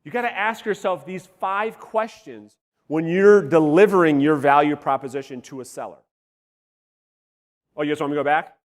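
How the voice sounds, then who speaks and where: High-voiced blunt man coaching a live room. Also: normal speed. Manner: energetic, blunt, swears, quizzes the audience. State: voice wearing out. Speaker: real estate sales coach. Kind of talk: live workshop teaching to a room. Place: large room with live audience. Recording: long hall reverb.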